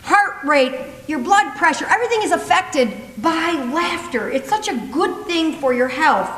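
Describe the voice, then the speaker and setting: An older woman with a high, bright-sounding voice tells funny stories to a conference audience, chuckling along the way. Her words ring through a large echoey hall, with long reverb and a faint hum of the room behind her. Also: moderate pace. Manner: animated, laughing while telling stories. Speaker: motivational speaker. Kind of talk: humorous storytelling speech.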